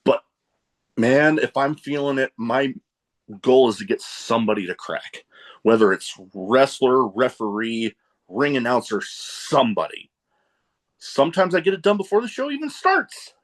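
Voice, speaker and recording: Man, podcast host, mid-pitched voice, lively intonation, laughs at own jokes. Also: a little slow. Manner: animated storyteller, laughs at his own jokes. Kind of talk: casual podcast chat.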